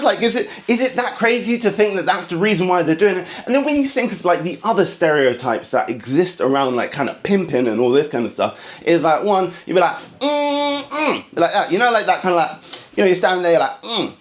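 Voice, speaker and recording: A man with an English accent, telling a comic story in a quick, animated monologue. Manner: animated storytelling, bursts into high mock voices; fast, impatient talker. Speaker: stand-up comedian. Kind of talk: comedic monologue.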